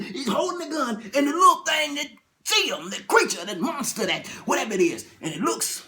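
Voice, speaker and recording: A man casually retelling a TV episode, animated, acting out scenes and laughing. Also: very high-pitched, brisk.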